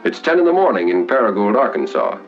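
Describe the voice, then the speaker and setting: A man narrates in a measured, formal 1940s newsreel manner, his pitch rising and falling widely. The sound is dull and lo-fi, like an old film soundtrack, with music playing loudly underneath. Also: wildly swooping pitch. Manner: measured, formal announcer delivery. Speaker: documentary narrator.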